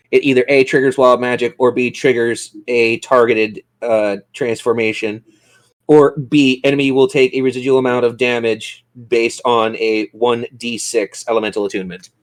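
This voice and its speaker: A man running a tabletop role-playing game as game master, narrating scenes and explaining rules in an easygoing way. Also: mid-range voice.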